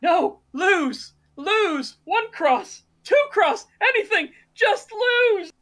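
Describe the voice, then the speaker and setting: A woman voicing a frantic, greedy alien barkeep who shouts in shrill panic. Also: very animated, extremely slow, full character voice.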